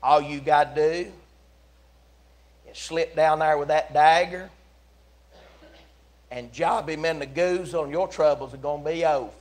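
A man preaching a sermon in a church, telling the story in a folksy, animated way with big swings from loud to hushed. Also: a little high, a little slow, long pauses. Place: church sanctuary.

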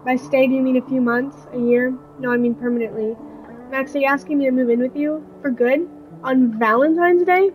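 A woman's voice: high voice, fairly even intonation, a little fast, a little mellow, slight background noise, natural voice, poor audio. A woman reading text messages aloud as a sardonic, teasing young girlfriend.

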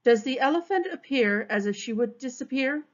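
A woman's voice: sits high, expressive, moderate pace, voice pushed up. A woman voicing an exasperated, sarcastic male police captain in a storybook read-aloud. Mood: exasperated sarcasm. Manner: sarcastic, clipped. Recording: dull, muffled recording.

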